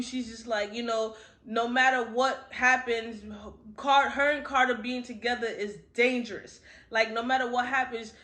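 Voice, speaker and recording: A woman's voice: fairly high pitch, a bit bright. A woman giving a casual, slangy recap of a book, chatty and full of swearing. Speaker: book reviewer. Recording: roomy echo.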